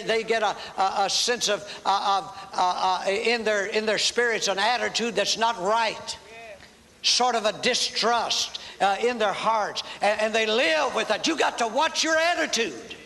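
A man's voice: sits high, moderate pace, sharp tone. A man preaching a fervent sermon as pastor, calling for responses from the congregation. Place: church sanctuary. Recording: reverberant church hall with faint noise.

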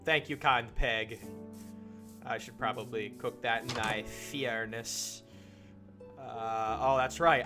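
A man commenting on his own gameplay in a goofy way, talking to the animals and mobs and breaking into panicked yells. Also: medium pitch. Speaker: gaming channel host. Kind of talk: let's play commentary.

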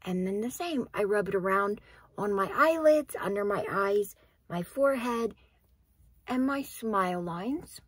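A woman's voice: medium pitch, expressive, a little slow, slightly rough, no room sound. A woman talking casually through her skincare routine, explaining each step as she goes. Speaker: beauty vlogger.

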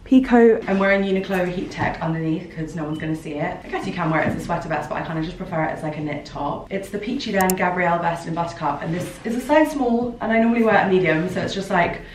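A woman's voice: fairly low pitch, fast, hardly any pauses, slight background noise, poor audio. A young woman, chatting casually to the camera in a rambling, talkative vlog style. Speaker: vlogger.

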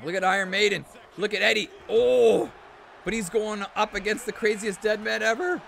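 A middle-aged man excitedly commenting on a live game stream and chatting with viewers. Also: high voice, fairly quick, creaky, a little hiss or hum.

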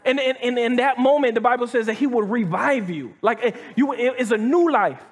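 High-voiced man preaching to a congregation. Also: brisk. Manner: conversational preaching with many restarts and repeated "like" and "right?"; reads scripture aloud and comments between verses. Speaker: pastor. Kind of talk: sermon. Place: church hall with live audience.

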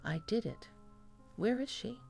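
A woman voicing a hoarse, desperate undead male cadaver who mutters and pleads. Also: a little high, animated, unhurried, darkish tone, faint music behind, voice pushed up, heavily acted. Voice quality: hoarse, husky.

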